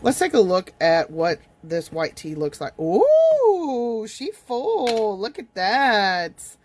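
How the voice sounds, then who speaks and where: A woman talks through a casual tea review vlog from her home desk. Her voice sits a little low, and she gushes and chats directly to the people watching. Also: lively intonation, measured pace, background noise. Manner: chatty and gushing, talks straight to viewers. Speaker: tea vlogger.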